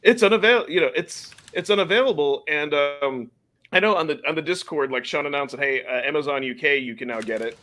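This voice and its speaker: A man's voice: a little high, fairly quick, sharp tone. Chatty man hosting a podcast. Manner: chatty, laughs often, stumbles over names. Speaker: podcast host. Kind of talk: casual podcast chat.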